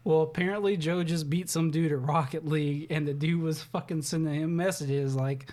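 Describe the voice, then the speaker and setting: A man's voice: a little high, fairly even intonation, moderate pace, darkish tone. A man co-hosting a casual gaming podcast, telling stories with frequent laughter and swearing. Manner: laughing storyteller, swears freely. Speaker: podcast co-host.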